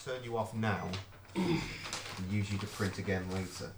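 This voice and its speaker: Chatty male host, lowish voice, mic far off in an echoey, noisy room. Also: moderate pace. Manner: chatty, directs the session. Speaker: stream host recording vocals. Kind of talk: casual studio chat. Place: home studio.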